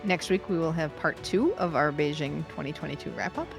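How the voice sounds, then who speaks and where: A woman co-hosting a podcast, reading out news updates in a careful, measured way and laughing easily between items. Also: deep voice, creaky, over music. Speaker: podcast co-host. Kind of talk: casual news chat.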